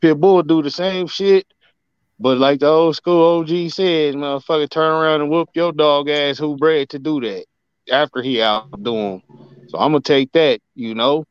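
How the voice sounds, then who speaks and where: A man's voice: fairly high pitch, normal speed, smooth, no room sound, muffled recording. A man talking in a profane, boastful, slangy way as a guest on a casual talk show. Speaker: podcast guest. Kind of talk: casual chat.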